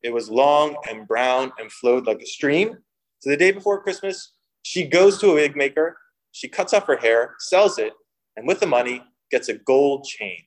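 A young man preaching a sermon, mixing humorous personal stories with scripture and lively voiced quotes. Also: medium pitch, normal speed, rough recording. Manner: storytelling with humor, animated quoting. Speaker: pastor.

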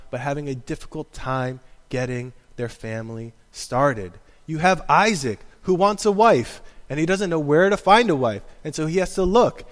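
A pastor in his thirties preaches in a large, echoing hall, his voice sitting a touch above the usual male range. He moves between calm explanation and animated, acted-out quotes, breaking into laughter at his own stories. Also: on the high side. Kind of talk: sermon. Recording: echoey hall sound.

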